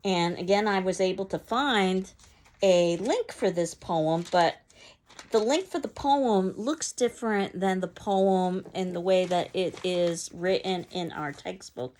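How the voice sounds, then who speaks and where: A woman teaching a class, explaining in a measured way with some fillers and restarts. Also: lowish voice, darkish tone. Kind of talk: recorded lecture.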